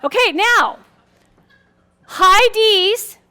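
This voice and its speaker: A very high-voiced woman leads a lively workshop on personality styles in front of a live audience. She talks quickly and acts out little scenes, her voice jumping up and down, and sometimes repeats a word as she restarts. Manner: animated, acts out quotes with big pitch swings.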